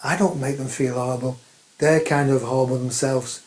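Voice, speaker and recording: Emphatic mellow-voiced spiritual teacher man. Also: mid-range voice, steady tone, normal speed, poor audio. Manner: plain-spoken, emphatic, repeats phrases. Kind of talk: spiritual talk to camera.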